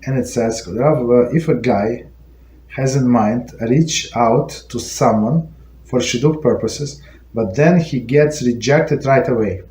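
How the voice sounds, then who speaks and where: Halting man teaching a class in an echoey room. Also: mid-range voice, warm tone. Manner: halting, many fillers and restarts. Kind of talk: informal Torah lesson. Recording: echoey room with faint noise.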